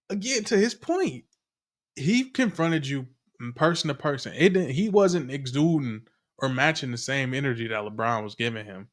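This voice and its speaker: Dude on a podcast reacting, slangy and rambling, mid pitched voice. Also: male voice, a bit bright. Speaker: podcast co-host. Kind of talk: casual reaction chat.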